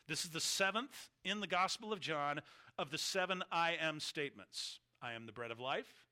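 A male pastor delivering a sermon, with a slightly higher voice than most men. His tone is very bright and sharp. He stresses key phrases slowly and deliberately. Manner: emphatic, deliberate preaching with slowed stressed phrases.

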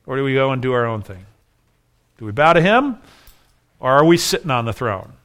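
A man's voice: medium pitch, lively intonation, fairly quick, fairly bright tone. A man preaching a sermon, asking rhetorical questions and building to emphatic peaks. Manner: voices the accusers with sharper, raised delivery. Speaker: pastor.

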